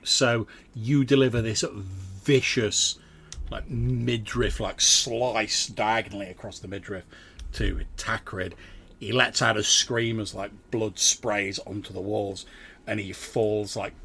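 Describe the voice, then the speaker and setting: A man's voice: lowish voice, steady tone, measured pace, sharp tone, a little hiss or hum. A young man narrating a tabletop game as game master, casual and vivid, with lots of fillers.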